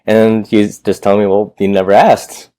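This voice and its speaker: A man in his thirties tells his story as an interview guest. His voice sits low and mellow, recorded dry and close. He rambles casually, doubling back and swearing now and then. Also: little pitch movement, normal speed, dry recording. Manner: rambling storyteller, loose and profane. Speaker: gym owner, guest.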